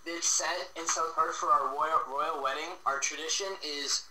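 A man's voice: fairly high pitch, steady tone, moderate pace, pushed and bright, a little hiss or hum, rough recording. A young man from Canada in a casual chat, crude and joking.

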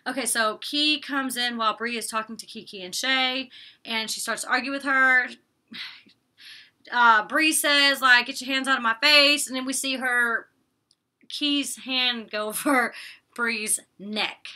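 A young woman recaps a reality show in a casual vlog, chatty and opinionated, cursing freely as she acts out the cast's lines. Her fairly high voice is pushed and bright, and she takes it slowly.

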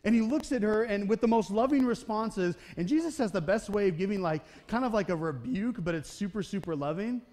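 A man with a high voice preaches a sermon in a church sanctuary. His delivery is casual and chatty. He keeps asking the congregation "okay?" and "right?" as he retells the story. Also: animated, brisk, few pauses, darkish tone. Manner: conversational preaching, often checking in with "okay? right?"; acts out the Bible characters' voices in short quotes. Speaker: pastor.

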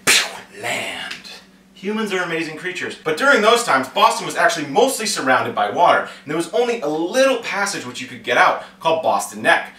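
A man teaching history in a casual, jokey style, tossing in little comic voices as he goes. His voice is bright and animated, swinging widely in pitch. He sounds set back from the mic in an echoey room. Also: recorded from a distance. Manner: playful, acts out quick comic voices. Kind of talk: casual educational explainer.

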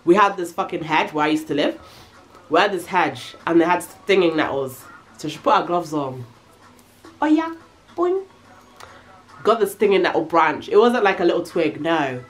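A young woman telling a casual, slangy storytime, animated and full of swearing. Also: on the low side, moderate pace, long pauses. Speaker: vlogger.

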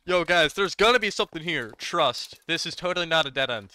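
Loud joking young man gaming. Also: a little high, animated, a little fast. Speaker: streamer. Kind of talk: casual multiplayer gaming chat. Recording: noisy game chat with background noise.

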